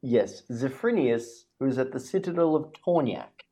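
A man running a tabletop game as game master, narrating in a relaxed way with dry, wry humour. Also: mid-range voice, measured pace.

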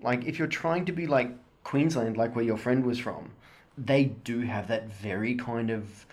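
Australian man, mid-pitched, casual and hesitant chat, lots of fillers. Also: a little slow, darkish tone. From Sydney, Australia. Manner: thoughtful, hesitant, many fillers.

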